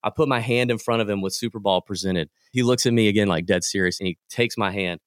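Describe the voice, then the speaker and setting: A man, a guest on a podcast, telling lively anecdotes in a casual way and acting out the people he quotes. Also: fairly low pitch, quick pace, dry recording, clean studio sound. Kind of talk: casual storytelling.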